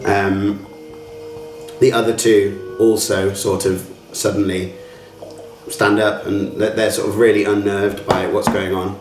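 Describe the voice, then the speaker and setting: A man's voice: on the low side, flat delivery, a little slow, soft background music. A man narrating a tabletop game as game master, rambling with many fillers. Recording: roomy, from a distance.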